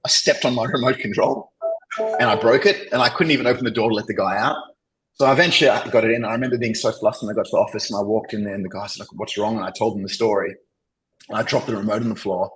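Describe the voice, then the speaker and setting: Rambling Australian man, low voice. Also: quick pace, a bit bright, poor audio. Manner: rambling anecdotes full of "you know" and "like". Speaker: podcast guest, agency founder. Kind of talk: casual interview storytelling.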